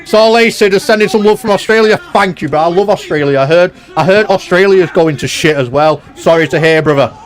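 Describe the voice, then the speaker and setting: A man's voice: high-pitched, fairly quick, hardly any pauses. A young man live-streaming from home, chatting loosely and reading out viewer comments. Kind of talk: casual live-stream chat.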